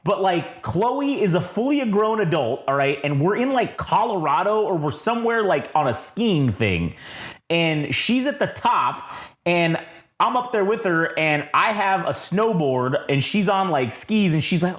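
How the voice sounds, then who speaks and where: Male co-host, high-ish voice swinging widely, swears freely, roomy echo. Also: moderate pace. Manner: profane, excitable, animated storytelling. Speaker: podcast co-host. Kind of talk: casual album review chat.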